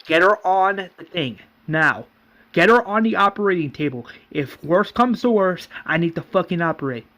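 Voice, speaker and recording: A man voicing a gruff male nurse who gives brusque, swearing orders. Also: mid-range voice, takes it slowly, long pauses, a bit bright.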